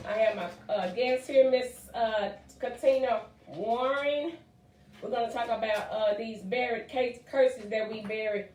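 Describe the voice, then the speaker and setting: A woman hosting a casual talk show, chatty and excitable with lots of fillers. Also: on the high side, recorded from a distance. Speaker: podcast host. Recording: echoey room, voice off-mic.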